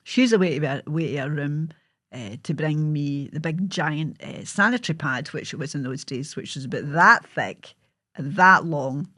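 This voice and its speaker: A woman's voice: low-pitched, moderate pace, sharp tone, no room sound, clean studio sound. A Scottish woman hosting her own show, telling a personal story in a vivid, blunt way and swearing freely.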